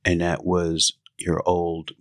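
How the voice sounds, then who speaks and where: A man hosting a podcast, asking questions in a relaxed, chatty way and laughing along with his guest. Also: deep voice, slow, no room sound, studio quality. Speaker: podcast host. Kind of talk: casual interview.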